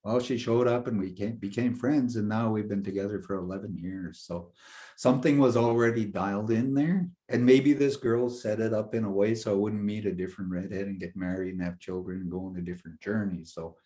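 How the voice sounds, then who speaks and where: A middle-aged man, a guest in a casual interview, telling a personal story in an animated way and often laughing as he talks. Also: lowish voice, brisk. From Indigenous North American community. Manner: animated storyteller who laughs through his tale.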